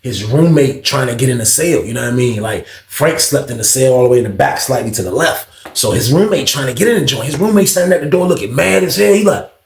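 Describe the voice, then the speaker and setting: A man's voice: medium pitch, lively intonation, quick pace, hardly any pauses. Slangy man telling a story, echoey room. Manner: slangy, rambling, addresses listeners directly. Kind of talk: casual storytelling.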